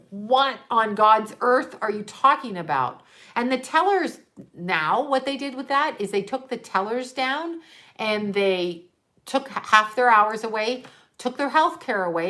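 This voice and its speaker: A woman from Canada hosts a casual livestream, talking in a loose, digressive way. She rants about everyday complaints and turns aside to answer viewers. Her voice sits at an ordinary middle pitch. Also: a bit bright. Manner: ranting, digressive, chats with viewers. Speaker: livestream host. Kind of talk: casual rambling chat.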